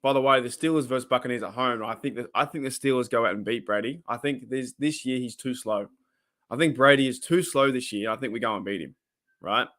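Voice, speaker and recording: A man with an Australian accent hosting a casual live-stream reaction to a football game, rambling between excitable play-by-play calls. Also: medium pitch, a little fast.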